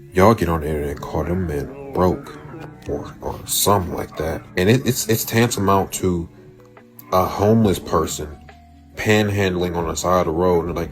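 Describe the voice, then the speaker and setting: Deeper man, exasperated reaction commentary, clear music bed. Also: rough recording. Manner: exasperated, mocking rant. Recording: background music.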